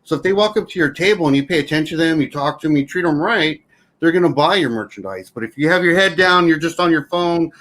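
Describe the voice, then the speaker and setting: Male wrestling guest, slightly high voice, earnest and explanatory, casual chat. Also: lively intonation, quick pace, fairly bright tone, rough recording. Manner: earnest, explanatory, advice-giving.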